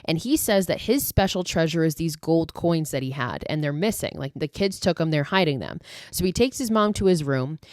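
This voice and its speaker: A woman's voice: deep voice, animated, normal speed, darkish tone, dry recording, studio quality. A woman podcast host casually recapping a horror movie, chatty and loose, with plenty of filler words and the odd swear.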